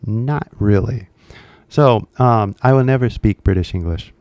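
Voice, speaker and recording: A man's voice: on the low side, a little slow, a little mellow, dry recording. A man with an American accent hosting a casual question-and-answer chat, rambling with lots of fillers. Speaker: host.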